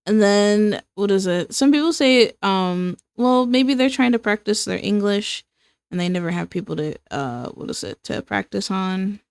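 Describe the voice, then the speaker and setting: A woman's voice: mid-range voice, expressive, normal speed, clear, resonant tone, no echo. A young woman chatting casually as she draws on a stream, rambling with lots of fillers and breaking into laughs. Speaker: streamer and illustrator. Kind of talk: casual chat while drawing.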